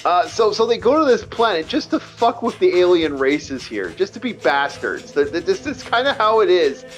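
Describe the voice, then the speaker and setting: A man's voice: sits high, sing-song, moderate pace, soft background music. A man hosting a casual gaming chat, rambling and swearing with many stumbling restarts. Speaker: let's play host. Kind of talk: casual chat over gameplay.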